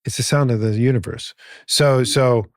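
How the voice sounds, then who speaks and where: A middle-aged man telling a story in a relaxed podcast chat. He acts out the voices in it and swears now and then. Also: medium pitch, normal speed, dry recording, studio quality. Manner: animated, acts out quoted lines, swears. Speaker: podcast guest. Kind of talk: casual storytelling.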